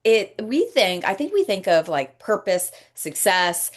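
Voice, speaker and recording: A woman hosting a podcast, talking slowly and reflectively in a casual faith-based conversation, pausing to search for words. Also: medium pitch, big pitch swings. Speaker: podcast host.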